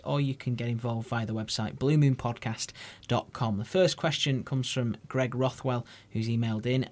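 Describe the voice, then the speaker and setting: A man hosting a podcast, introducing a segment and reading out listener questions in a brisk, upbeat way. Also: medium pitch. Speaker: podcast host. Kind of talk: podcast presenting.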